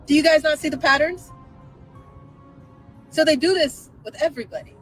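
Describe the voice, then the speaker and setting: A woman's voice: high voice, moderate pace, a bit bright, faint music behind, rough recording. A woman hosting a live stream, commenting casually with incredulous rhetorical questions and frequent laughter.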